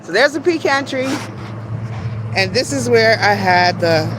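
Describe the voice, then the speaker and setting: Walking and a bit out of breath, a woman with a mid-range voice leads her first live stream through her backyard garden as a garden channel host. She chats in a self-deprecating way and greets viewers by name over background noise.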